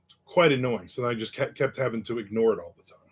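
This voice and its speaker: A man's voice: medium pitch, fast, breathy edge. A man hosting a casual live chat, telling stories in a wry, cynical way and reading out viewer comments. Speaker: host.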